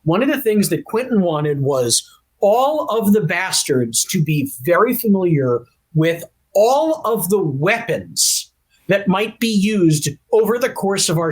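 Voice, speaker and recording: A man guesting on a podcast interview, telling an animated anecdote. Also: sits high. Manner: animated storyteller. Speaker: actor guest.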